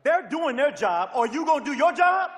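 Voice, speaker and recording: Rousing man shouting to an echoey rally crowd. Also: very high-pitched, big pitch swings, normal speed. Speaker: rally speaker. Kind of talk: campaign rally speech. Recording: echoey hall with loud crowd and noise. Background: cheering crowd.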